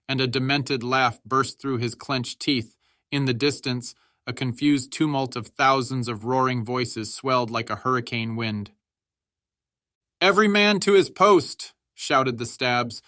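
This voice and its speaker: Bright-voiced male audiobook narrator, dry close mic. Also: dry recording. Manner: shouts quoted soldiers' lines with raised pitch.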